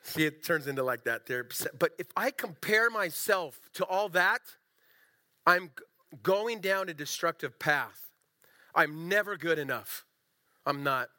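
A middle-aged man preaching in a loose, chatty way, full of asides and jokes at his own expense. His voice sits fairly high for a man and has a bright, forward edge. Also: unhurried. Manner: conversational, animated, self-deprecating preaching. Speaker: pastor. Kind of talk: sermon.

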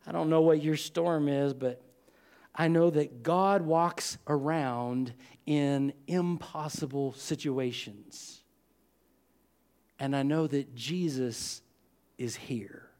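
A male pastor preaching a sermon dramatically, swinging from loud lines to hushed ones with long pauses. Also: fairly high pitch.

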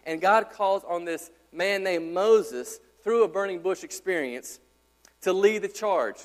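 A pastor in his thirties preaches an emphatic sermon in a high-pitched, unhurried voice, firing off repeated rhetorical questions. Long hall reverb trails his words.

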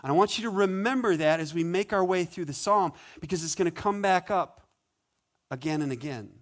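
A man preaching a sermon as pastor, conversational and animated, with playful asides. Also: high-pitched, fairly quick.

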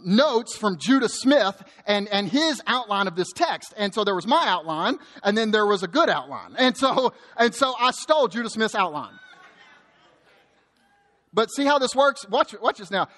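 A man pastor preaching a sermon in a church, lively and joking, often repeating words as he goes. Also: high-pitched, in a large hall. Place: church sanctuary.

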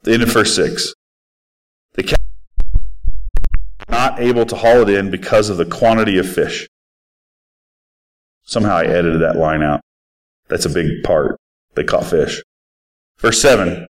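A man's voice: lowish voice, a bit bright, low-quality recording. A man giving a casual, conversational Bible teaching. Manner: conversational and informal.

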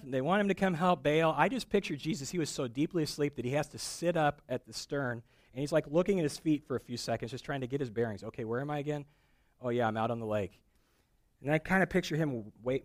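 A man's voice: a little high, brisk, no echo. Middle-aged guy preaching, joking around, does little voices, dry close sound. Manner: conversational, jokey, acts out voices of the people in the story. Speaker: pastor. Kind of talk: sermon.

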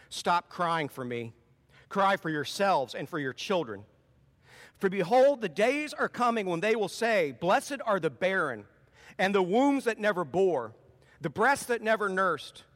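High-voiced preacher in a reverberant hall. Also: male voice, a bit bright. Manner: reads scripture aloud with rising emphasis, then explains plainly. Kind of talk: sermon.

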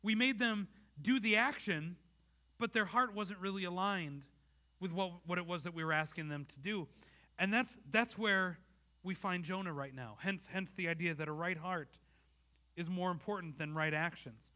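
Male pastor, high voice, very bright and cutting tone, earnest conversational sermon full of rhetorical questions. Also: moderate pace. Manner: earnest, talks straight to the congregation with rhetorical questions.

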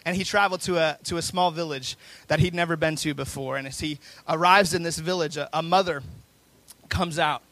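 A pastor delivering a sermon, his voice a bit higher than most men's and with a gravelly edge. He builds intensity through repeated, stacked phrases. The sound is close and dry, with no room echo. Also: steady tone, fairly quick, fairly bright tone.

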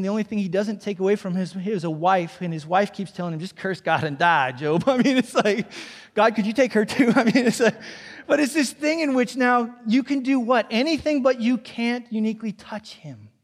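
Male pastor, high voice, animated sermon storytelling, slips into hushed asides; long hall reverb. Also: a little fast. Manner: animated storytelling, acts out quoted voices, drops to a hushed near-whisper.

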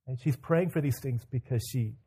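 A man's voice: medium pitch, moderate pace, dark tone, husky. A man preaching a sermon in a conversational way, acting out inner thoughts as he tells stories. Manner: conversational, with many fillers and repeats.

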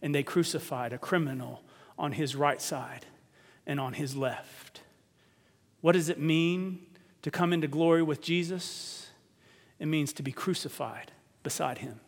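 A man's voice: on the high side, a little slow. A man preaching a sermon, asking his listeners questions, stressing words and often repeating himself. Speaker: pastor. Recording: long reverb of a hall.

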